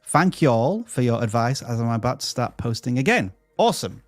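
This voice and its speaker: Male live-stream host, chatty and upbeat, mid pitch, dry close sound. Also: sing-song, moderate pace, no room sound, soft background music. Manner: upbeat, chatty, stumbles over names. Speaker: livestream host reading viewer questions. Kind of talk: live channel-review stream.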